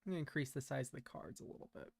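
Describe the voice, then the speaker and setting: A young man giving relaxed, chatty commentary while playing a card game, laughing often and using casual slang. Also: medium pitch, rapid-fire, vocal fry, husky, no room sound. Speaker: streamer.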